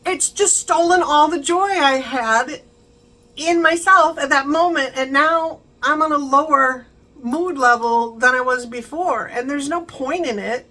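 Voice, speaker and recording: A woman's voice: sits high, measured pace, pushed and bright, rough recording. A middle-aged woman chatting casually to her viewers, encouraging and laughing often. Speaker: vlogger. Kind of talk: casual chat to camera.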